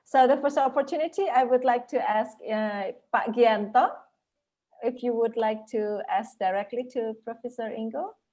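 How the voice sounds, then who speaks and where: A woman's voice: fairly high pitch, moderate pace. Woman moderating an online lecture Q&A. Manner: warm praise, frequent laughter, many fillers. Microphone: video call.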